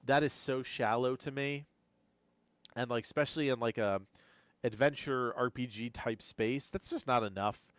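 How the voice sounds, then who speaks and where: A man's voice: mid-range voice, normal speed, fairly bright tone, clear, resonant tone, dry recording. Drowsy, rambling male streamer. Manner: rambling, repeats words while thinking aloud. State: drowsy, keeps yawning. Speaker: gaming news streamer. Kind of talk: live-stream reaction commentary.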